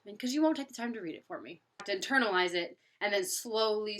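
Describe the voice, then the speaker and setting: A woman's voice: medium pitch, expressive, quick pace, hardly any pauses. A young woman in a casual book vlog, rambling animatedly and acting out gasps and quoted reactions. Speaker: book vlogger.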